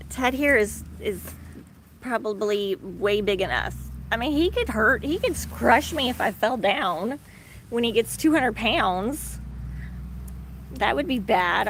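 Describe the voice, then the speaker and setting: A woman's voice: fairly high pitch, fairly bright tone, slight background noise. A woman in her thirties rambling casually on a live stream from her backyard, laughing often and leaning on fillers. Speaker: live stream host, tortoise owner. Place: outdoors in a backyard.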